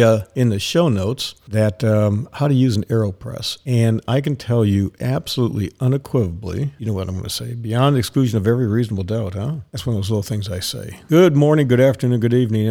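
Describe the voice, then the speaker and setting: A man's voice: fairly low pitch, vocal fry, dark tone. A man hosting a solo podcast from an office, talking casually and rambling with many fillers. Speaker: podcast host.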